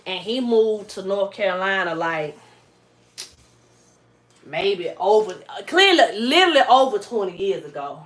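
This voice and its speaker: A woman with a Southern Georgia accent and medium pitch speaks at a measured pace, pausing often, as she chats casually with live viewers from her kitchen. She's a vlogger and mother, relaxed and drawling, filmed on a phone on a tripod in an echoey kitchen with faint noise.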